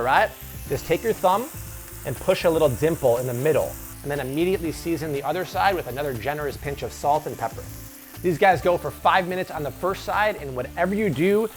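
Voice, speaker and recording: Chatty, upbeat man cooking on camera. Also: on the high side. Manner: enthusiastic and chatty, addresses viewers directly. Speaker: cooking show host. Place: home kitchen at the stove.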